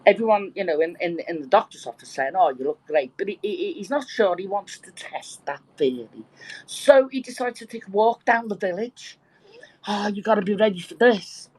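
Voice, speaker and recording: A woman telling a joke with lively, animated delivery and some swearing in a casual online chat. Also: mid-range voice, normal speed, slightly rough, low-quality recording. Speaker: participant in an online audio chat room.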